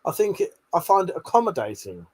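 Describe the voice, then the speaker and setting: A man's voice: high voice, huge pitch swings, a little fast, darkish tone, slightly rough. A man hosting a casual late-night livestream, reading out chat messages with lots of swearing, laughter and joking banter.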